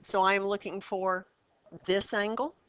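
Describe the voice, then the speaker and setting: A woman with a medium-pitched, steady, slightly bright voice that sounds clear and resonant teaches a math class. She quizzes her students briskly and encouragingly, walking them through problems step by step in a classroom lesson.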